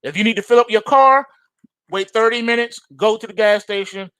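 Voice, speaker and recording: A man's voice: sits high, brisk, smooth, no echo. A male trading show host giving emphatic, slangy market commentary to his viewers, insistent and repetitive. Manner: animated and insistent, repeats phrases for emphasis; slangy, addresses viewers as folks.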